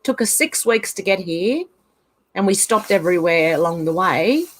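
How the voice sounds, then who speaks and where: A woman's voice: lowish voice, expressive, moderate pace. Chatty Australian woman reading comments. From Ireland, raised in Australia. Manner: chatty, laughs often, reads comments aloud. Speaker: channel host reading viewer comments. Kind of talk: casual livestream chat.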